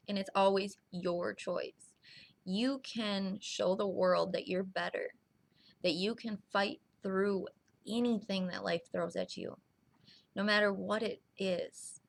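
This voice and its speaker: A young woman vlogging straight to the camera in an earnest, reassuring way, speaking slowly with small restarts. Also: medium pitch, gravelly. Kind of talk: heartfelt direct-to-camera vlog.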